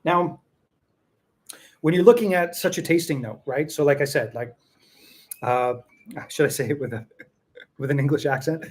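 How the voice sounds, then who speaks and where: A man's voice: on the high side, moderate pace, long pauses, darkish tone. Chatty man rambling about tea. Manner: chatty, rambling, repeats himself for emphasis. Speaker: tea seller and show host. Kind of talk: casual live tea tasting chat.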